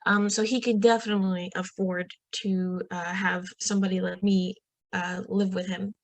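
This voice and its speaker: A young woman guest on a podcast, telling a personal story in a lively, casual way and acting out what people said. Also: normal speed, no echo. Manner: lively, acts out quoted voices in a higher pitch; frequent fillers and restarts.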